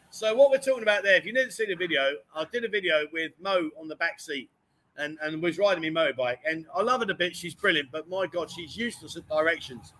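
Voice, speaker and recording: A man with a high, bright voice hosts a casual livestream from a bookshop. He reads viewer messages aloud, teases his friends and talks in a quick, jokey, exclaiming way. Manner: jokey, teasing, often says "unbelievable". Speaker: livestream host. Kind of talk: casual banter, reading viewer comments. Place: indoors in a bookshop.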